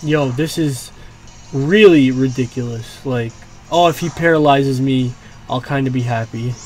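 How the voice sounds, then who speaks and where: A man's voice: mid-range voice, unhurried, a little mellow. A young man giving live, reactive commentary on his own gameplay, swearing and groaning at setbacks. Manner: reactive, swearing, frustrated outbursts. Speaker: gaming YouTuber. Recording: faint game music behind.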